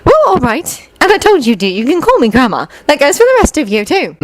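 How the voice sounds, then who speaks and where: Woman doing an older grandmother, warm, motherly, fussing. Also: extremely high pitch, big pitch swings, fast, no room sound, pitched above the performer's own voice.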